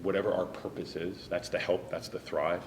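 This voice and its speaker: A low-voiced man talks about his stage work with earnest, open feeling, sometimes dropping almost to a whisper. The room is echoey, with steady noise behind him. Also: normal speed. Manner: earnest and emotional, some lines softly whispered. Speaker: interview guest, stage actor. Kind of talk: reflective interview talk.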